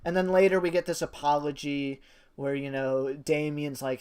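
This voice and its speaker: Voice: medium pitch, little pitch movement, normal speed, a little mellow, clear, resonant tone. A wrestling reviewer talking in a casual spoken review, gushing and rambling with many fillers and restarts, and swearing casually.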